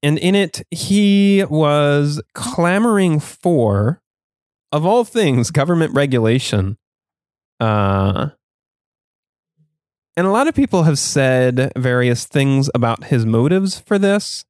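A man's voice: on the high side, lively intonation, slow pace, darkish tone, smooth, no echo, studio quality. A man co-hosting a podcast in casual chat, laughing often and talking with plenty of fillers. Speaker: podcast co-host.

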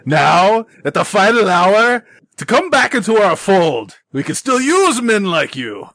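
A man's voice: high-pitched, big pitch swings, unhurried, pushed and bright, dry recording, voice pushed up, heavily acted. A man voicing a smug, grandiose older German villain spymaster in a tabletop game. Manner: scoffing, grandiose.

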